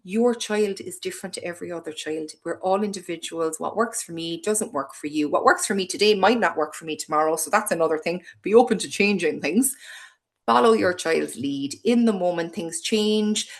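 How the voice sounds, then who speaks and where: A woman with a Cork Irish accent giving a parent webinar talk, speaking fast, passionate and playful. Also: lowish voice. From Cork, Ireland. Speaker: hospital play presenter.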